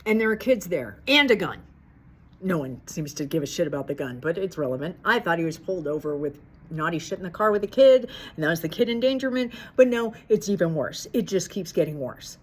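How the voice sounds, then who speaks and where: A woman's voice: fairly low pitch, very animated, brisk, husky. A woman talking straight to camera as a YouTube commentator, venting in a rambling, profane way that keeps circling back on itself. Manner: rambling and profane, with frequent restarts. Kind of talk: casual venting monologue to camera.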